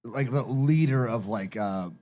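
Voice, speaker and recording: A man's voice: mid-range voice, unhurried, mellow. A man hosting a podcast in casual chat, telling stories with plenty of swearing and "like, uh" fillers. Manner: profane, storytelling, fills with "like, uh".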